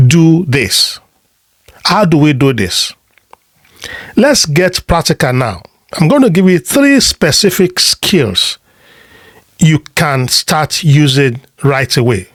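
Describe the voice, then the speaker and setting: A man coaching listeners on relationships, speaking slowly in short, emphatic phrases. His voice sits a little high and swings widely in pitch. Rhetorical questions and repeated words when he restarts a thought mark his delivery, and the sound is dry and close. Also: no room sound. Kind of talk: motivational advice talk.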